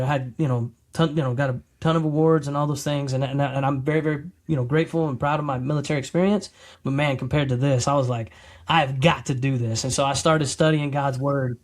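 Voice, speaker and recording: A middle-aged man on a podcast telling his testimony in a casual, rambling way, acting out his own quotes. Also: fairly high pitch. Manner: animated storyteller, acts out quotes; rambling with many restarts. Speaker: podcast guest.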